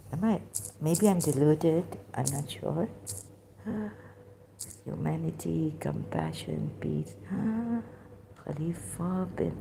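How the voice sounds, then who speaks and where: A woman talking alone on a livestream, hesitant and halting, often dropping into whispers. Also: low voice, creaky, warm tone, a little hiss or hum. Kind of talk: rambling solo livestream talk.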